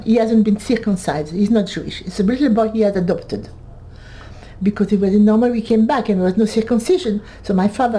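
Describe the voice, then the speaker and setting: Elderly French woman, halting and mellow. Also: on the high side, low-quality recording. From northern France. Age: 80s. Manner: halting, with many restarts and repeated words. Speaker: Holocaust survivor giving testimony. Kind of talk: personal testimony.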